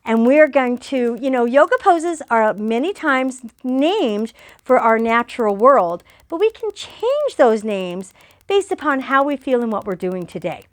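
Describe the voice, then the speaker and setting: Older woman, high bright voice, cheerful yoga teacher for kids, dry close sound. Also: sing-song, a little slow, no echo. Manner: cheerful, playful coaching voice. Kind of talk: guided kids' yoga lesson.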